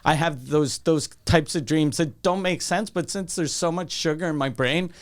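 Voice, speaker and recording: On his podcast, a Canadian man with a somewhat high voice speaks at an ordinary speed. He's telling a long, foul-mouthed, meandering funny story and acting out each person's lines.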